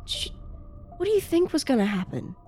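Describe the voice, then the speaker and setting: A woman's voice: high voice, sing-song, a little fast, warm tone, soft background music, voice pushed up. A woman voicing an earnest, protective mother in a tabletop role-play, stammering and repeating her words. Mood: hurt, upset.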